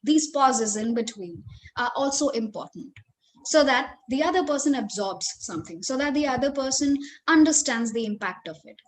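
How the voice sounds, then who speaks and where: A woman's voice: high voice, normal speed, slight background noise. A woman with an Indian English accent leading a live online training webinar, speaking expressively and addressing her audience directly. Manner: expressive, varies tone and stress, engages the audience directly. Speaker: corporate trainer.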